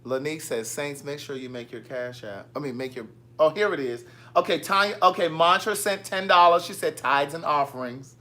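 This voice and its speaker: Bright chatty man reading live comments. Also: fairly high pitch, moderate pace, hardly any pauses. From Maryland. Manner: chatty, reads viewer comments aloud, teasing. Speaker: livestream host. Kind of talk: casual live chat.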